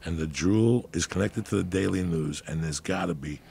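Gravelly profane man in his fifties. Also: low voice, normal speed, a little hiss or hum. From New Jersey. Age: 50s. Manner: loud, profane, animated storytelling. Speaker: podcast guest. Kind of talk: casual chat.

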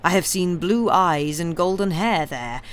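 A woman voicing a bloodthirsty male juryman who croaks and savours cruel words, in a read-aloud novel. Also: on the low side, lively intonation, unhurried. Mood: gloating. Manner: relishing, gloating.

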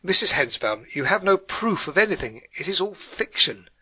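A man's voice: sits high, very animated, normal speed, bright, forceful tone, slightly rough, no room sound, pitched above the performer's own voice, heavily acted. A man voicing Martha, a cheeky, sceptical and blunt Cockney woman in a storybook reading.

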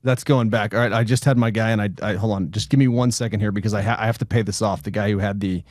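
A man's voice: fairly low pitch, fairly even intonation, quick pace, darkish tone, no room sound, studio quality. A man hosting a sports podcast, jokey and scattered, often interrupting himself. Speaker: podcast host. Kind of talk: casual podcast chat.

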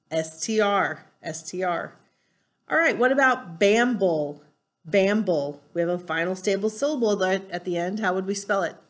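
Patient woman teaching a spelling lesson. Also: mid-range voice. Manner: patient, explains step by step and spells out letters.

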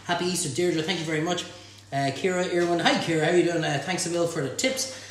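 A high-voiced Irish man leads a live cooking demonstration from his own kitchen, cracking jokes and chatting back to viewers' comments. The room is very echoey, with a faint hum of background noise behind him. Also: fast. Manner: jokey banter, reading out viewer comments. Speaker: chef hosting a live cook-along. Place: home kitchen.

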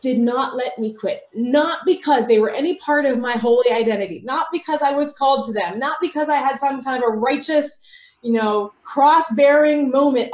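An American woman with young children, giving an earnest, emotional faith testimony that moves between soft reflection and excited outbursts. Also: sits high, roomy sound. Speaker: author and speaker.

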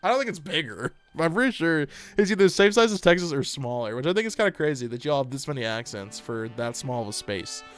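A man's voice: fairly high pitch, very animated, quick pace, hardly any pauses, faint music behind. An American man streaming live, chatting casually and playfully with his chat, reading comments aloud and laughing often.

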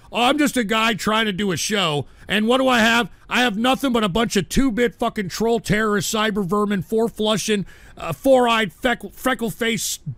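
A man with a high, gravelly voice hosts a live radio stream in a full-blown rant. He curses, stammers and flips between muttered grumbling and furious shouting at trolls. His voice is bright and edgy, heard dry and close on the mic. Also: no echo. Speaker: talk radio host.

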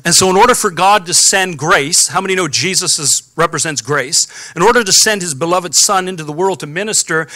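Bright-voiced man preaching a sermon. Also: on the high side, no room sound, clean studio sound. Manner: calls out to the congregation for responses. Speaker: pastor. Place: church sanctuary.

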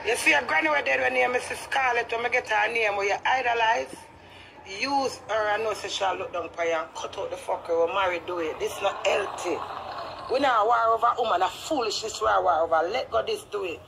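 A woman's voice: medium pitch, brisk, vocal fry, background noise. A Jamaican woman ranting heatedly to camera, cursing freely in patois. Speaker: vlogger. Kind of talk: ranting street vlog.

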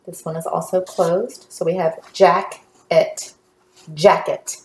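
A woman's voice: lowish voice, fairly even intonation, a little slow. A woman teacher giving a phonics lesson to young children, guiding them patiently step by step. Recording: echoey room.

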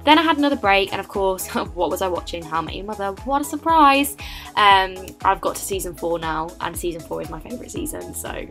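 A teenage woman with an English accent narrating a casual study vlog, chatty and animated with lots of filler words. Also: lowish voice, fast talker, few pauses, soft background music. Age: late teens. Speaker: vlogger.

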